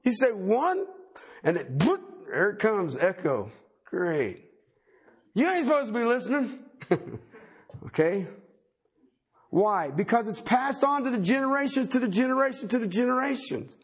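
A middle-aged pastor preaches in a folksy, animated manner, his voice pitched high for a man. A husky grain runs through his delivery, and he breaks into joking asides. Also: unhurried, pauses often. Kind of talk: sermon.

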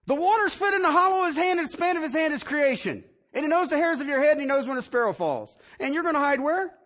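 Very high-voiced, lively male preacher. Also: fast, few pauses. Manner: animated, conversational preaching with rhetorical questions. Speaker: pastor. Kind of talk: sermon.

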